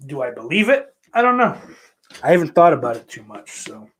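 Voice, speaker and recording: A man's voice: on the high side, big pitch swings, brisk, fairly bright tone, husky. A man from hosting a podcast, rambling in casual chat, with lots of swearing, fillers and restarts. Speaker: podcast host. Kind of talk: casual chat answering viewer questions.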